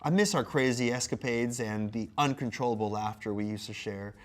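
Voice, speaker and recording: A man's voice: medium pitch, brisk. A man reading a silly letter aloud in a theatrical, comedic way, breaking into amused laughs. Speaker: co-host.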